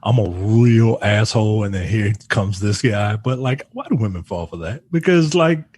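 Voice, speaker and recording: Man co-hosting a film podcast, halting and stammered, low husky voice, dry close sound. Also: lively intonation, a little mellow, no echo. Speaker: podcast co-host. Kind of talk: casual film review chat.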